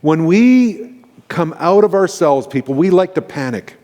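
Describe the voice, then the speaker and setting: Animated pastor in a reverberant church. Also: male voice, on the high side, unhurried. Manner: animated, candid storytelling with self-deprecating asides. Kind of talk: storytelling sermon. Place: church sanctuary.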